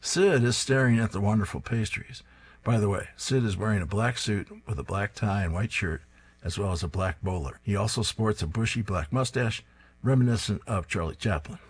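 Husky low-voiced man reading comics. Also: normal speed. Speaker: reader of comic strips. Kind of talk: reading comic strips aloud, describing panels.

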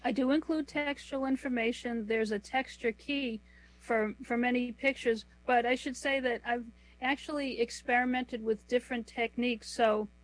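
A middle-aged woman author answering interview questions, explaining at a measured pace and slowing down to list things one by one. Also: fairly high pitch, steady tone, rough recording. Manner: measured, explanatory, lists items slowly. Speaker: author and guest.

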